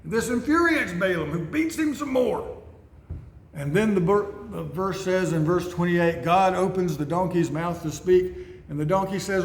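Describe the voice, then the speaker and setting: A man's voice: high voice, moderate pace. A man telling rambling Bible and life stories in a conversational way, in a church building. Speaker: speaker. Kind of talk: storytelling sermon. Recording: echoey room, faint noise.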